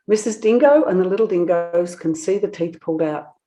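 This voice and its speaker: A woman's voice: fairly low pitch, a little fast, mellow, faint music behind, close to an everyday voice. A woman voicing a cheerful, polite little male bush creature who speaks eagerly.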